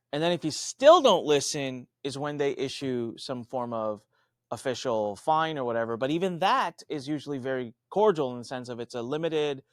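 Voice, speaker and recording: A man speaking as a podcast guest, telling stories in an animated, conversational way and acting out other people's voices. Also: dry recording, clean studio sound. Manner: animated, acts out quoted voices with big pitch jumps. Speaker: podcast guest, marketing coach. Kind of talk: conversational storytelling.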